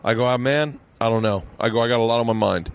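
A man's voice: mid-range voice, fast talker, a little hiss or hum. A man hosting a podcast in casual chat, telling stories animatedly, acting out quotes and swearing freely. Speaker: podcast host.

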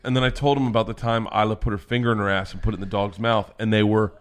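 A man, a comedian, telling family stories on a podcast in a loud, profane way, laughing as he goes. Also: fairly low pitch, level tone, fast. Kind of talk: casual storytelling.

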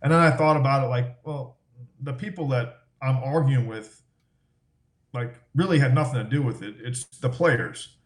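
A man's voice: medium pitch, normal speed, roomy sound. A middle-aged former ballplayer telling stories as a podcast guest, swearing freely and laughing as he talks. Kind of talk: casual storytelling, profane.

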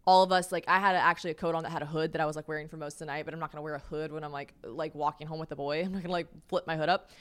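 A young woman hosting a podcast, telling a story in a casual, animated way, full of "like" fillers, self-mocking asides and acted-out dialogue. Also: deep voice, racing, hardly any pauses, clear, resonant tone. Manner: chatty and animated, lots of "like" fillers, acts out quoted dialogue. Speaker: podcast host.

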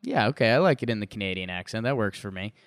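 A man co-hosting a casual baseball podcast, talking in an animated, rambling way with lots of restarts. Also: on the low side, fast, no echo, clean studio sound. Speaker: podcast co-host. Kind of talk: casual sports chat.

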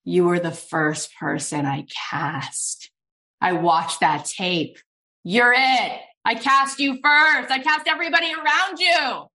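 Woman doing an excited, bossy male film director. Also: fairly high pitch, takes it slowly, gravelly, full character voice. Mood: gushing. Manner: gushing, emphatic, commanding.

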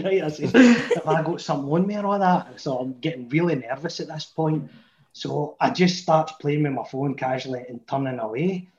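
In a casual chat, a Scottish man in his thirties with a Glasgow accent spins a long, sweary personal story for his friends. He talks chattily and drops into a low mutter when voicing his inner thoughts. The sound is muffled and echoey.

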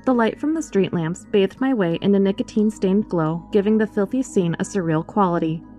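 A woman reading a first-person horror story aloud in an expressive, scripted storytelling voice, with faint music behind her. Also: mid-range voice, fairly quick.

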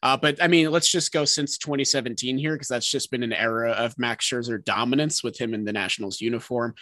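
A man hosting a podcast, talking fast and energetically through sports numbers. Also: medium pitch, dry recording. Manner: quick, energetic, stat-heavy. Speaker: podcast host. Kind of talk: casual sports chat and host-read ad.

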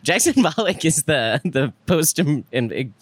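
A man's voice: fairly high pitch, lively intonation, a little slow, no room sound. A male podcast co-host in casual comedic banter, teasing, laughing often and throwing in silly sound effects.

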